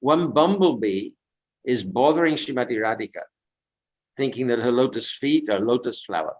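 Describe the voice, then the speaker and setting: A man speaks in a mid-range voice, telling devotional stories at a sacred lake on a pilgrimage walk. His delivery is unhurried and reflective. He drifts easily between personal anecdote and quiet commentary. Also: medium pitch, expressive, low-quality recording. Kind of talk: devotional storytelling talk.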